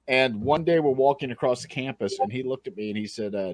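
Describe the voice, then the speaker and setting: Southern man, comedy co-host, relaxed storyteller, dry close sound, middle pitch. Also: a little fast, dry recording. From Southern United States. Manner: laid-back anecdotal storytelling with acted quotes. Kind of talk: casual storytelling chat.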